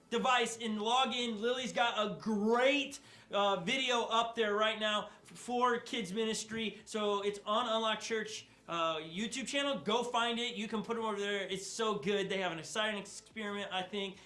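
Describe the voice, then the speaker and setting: A man's voice: sits high, normal speed, sharp tone, reverberant. A man giving a casual, chatty sermon as pastor, joking with his audience. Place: church stage.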